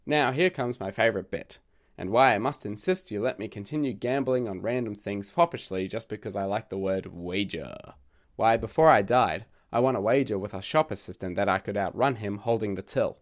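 A man hosting a literature podcast, reading a scripted essay with wry, jokey asides in a voice left croaky by a recent illness. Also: on the low side, fairly quick.

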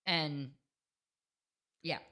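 A woman's voice: sits low, fairly even intonation, very slow, pushed and bright. A woman co-hosting a podcast, talking frankly and casually and laughing easily. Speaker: podcast co-host. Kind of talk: candid casual chat.

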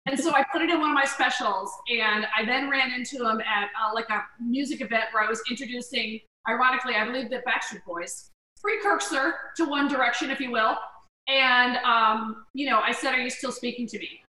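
A middle-aged woman comedian, a guest, telling animated stories in a casual chat in a home kitchen, acting out the voices of people she quotes. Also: fairly high pitch, brisk, far from the mic, a little hiss or hum. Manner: animated storyteller who acts out quoted voices. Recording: roomy, from off the mic.

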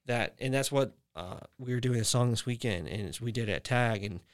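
With a brisk, mid-range voice, a young podcast host talks loosely about his faith. He wanders as he goes, often restarting sentences and leaning on fillers.

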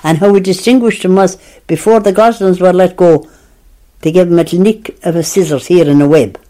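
An older woman with an Irish accent who tells childhood stories in a lively, animated way, laughing and acting out the voices of people she quotes. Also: on the low side, brisk. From Tipperary, Ireland. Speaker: interviewee. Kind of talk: lively storytelling reminiscence.

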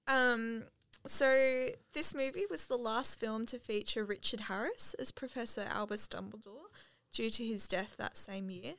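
A woman's voice: fairly high pitch, measured pace, fairly bright tone, dry recording. A woman co-hosting a casual film podcast, reading facts with lots of ums. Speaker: podcast co-host.

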